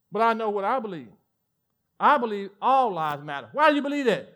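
A male pastor with a Southern American accent preaching a sermon, animated, swinging from loud emphatic lines to hushed asides. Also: sits high, fairly quick.

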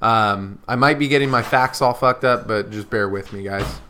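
A man's voice: lowish voice, normal speed, bright, forceful tone, a little hiss or hum. A man co-hosting a podcast in casual chat, telling a rambling story full of restarts and profanity. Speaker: podcast co-host.

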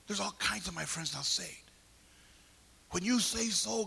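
Man, preaching a personal testimony; high, gravelly, husky voice. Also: normal speed. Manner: storytelling, acts out voices, builds to shouts. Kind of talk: sermon testimony.

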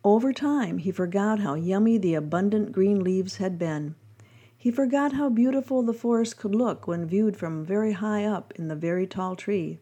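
A woman reading a devotional reflection, telling a parable in a gentle, measured storytelling manner. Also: mid-range voice, slightly rough. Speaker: devotional podcast reader.

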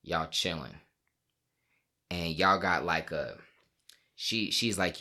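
Man, very low pitch, bright tone, teasing storyteller, playful couple banter. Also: slow pace, pauses often. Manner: laughing, teasing storyteller who slips into mock voices. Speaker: husband playing an improv game.

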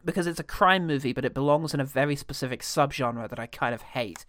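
A man's voice: mid-range voice, fairly bright tone, no echo. Dry-sounding sardonic man. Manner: sardonic, quick, swears freely. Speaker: film podcast co-host. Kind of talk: casual film review chat.

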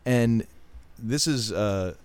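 A man's voice: lowish voice, drawn-out words, darkish tone, clear, resonant tone, no echo. A middle-aged man co-hosting a podcast, chatting casually, rambling through stories and laughing as he jokes. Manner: rambling, jokey, laughs while telling stories. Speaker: podcast co-host. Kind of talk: casual chat.

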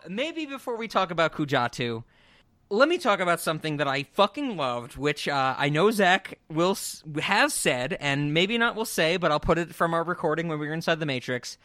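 A man co-hosting a casual film podcast, excitable and rambling, swearing freely as he talks. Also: fairly high pitch, no room sound, studio quality. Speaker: podcast co-host.

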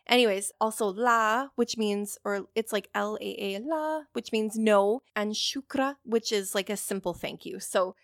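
A woman's voice: medium pitch, fairly even intonation, moderate pace, vocal fry, few pauses, no room sound, studio quality. A woman in her forties, hosting a casual solo podcast and rambling candidly with plenty of swearing. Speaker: podcast host.

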